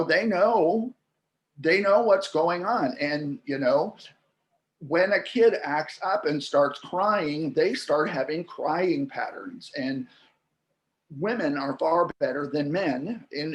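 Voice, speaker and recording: A man in his sixties with a slightly higher voice than most men, talking through ideas in an interview. He restarts and repeats words often, and he slips into playful baby babble and parent voices to make his points. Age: 60s. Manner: animated, acts out babies and parents in playful voices. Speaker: interview guest, interpreting researcher. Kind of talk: explanatory interview talk.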